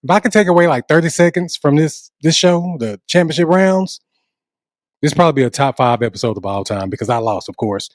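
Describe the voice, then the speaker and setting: A man's voice: a little high, lively intonation, fairly quick, no echo, studio quality. A male podcast co-host in casual, laid-back chat, teasing his partner.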